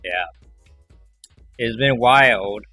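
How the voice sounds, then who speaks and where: A man's voice: medium pitch, extremely slow, sharp tone, faint music behind. A young man hosting a livestream, chatting casually and rambling, now and then acting out callers. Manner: rambling, acts out callers in quoted voices. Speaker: livestream host. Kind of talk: casual chat to a stream audience.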